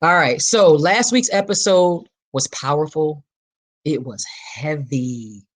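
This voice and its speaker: A woman in her forties hosts a personal, reflective podcast, her voice low, slow and breathy at the edges. She speaks emphatically, almost like a preacher, and keeps repeating her key phrases.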